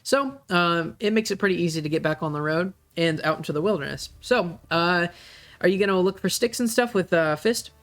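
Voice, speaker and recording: A man's voice: sits high, brisk, a bit bright. A man running a tabletop game as game master, talking casually with many fillers.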